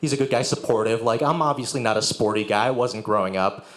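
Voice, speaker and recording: A man's voice: mid-range voice, fast talker. A young man doing a sardonic stand-up set with crowd work and profanity at a live venue. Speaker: stand-up comedian. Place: live music venue with audience. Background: audience laughter.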